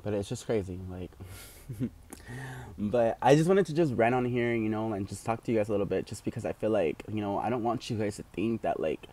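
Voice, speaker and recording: A man's voice: on the low side, a little fast, dark tone. A man in his twenties talks to his viewers in a rambling, emotional vlog rant, full of fillers and tearful at times. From United States. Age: 20s. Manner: rambling, heavy with fillers like "like" and "you know". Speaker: vlogger.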